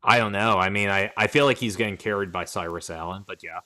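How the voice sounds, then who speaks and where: A man co-hosting a live podcast stream, chatting casually about fantasy football with quick, teasing replies. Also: fairly low pitch, sharp tone. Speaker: podcast co-host.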